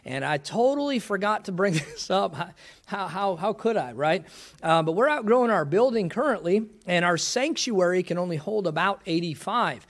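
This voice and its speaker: A male pastor giving a folksy missions testimony to a church, quick and full of praise exclamations. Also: sits high, lively intonation.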